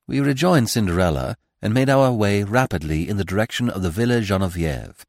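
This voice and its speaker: A man narrating a classic mystery novel as a podcast reader, in a measured, expressive storytelling manner. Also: lowish voice, no room sound, studio quality. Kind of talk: audiobook reading of a classic mystery.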